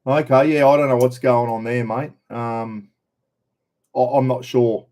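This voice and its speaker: A man's voice: mid-range voice, flat delivery, unhurried, warm tone. An Australian man hosting a casual live stream, greeting viewers by name in a chatty, laid-back way. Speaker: livestream host. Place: in a caravan on the road.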